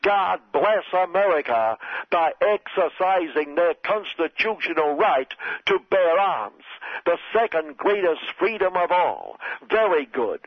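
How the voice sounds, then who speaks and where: A man putting on a boastful, blustering male world leader who repeats superlatives in drawn-out exclamations. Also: sits high, big pitch swings, no room sound, voice pushed up, full character voice. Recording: dull lo-fi recording.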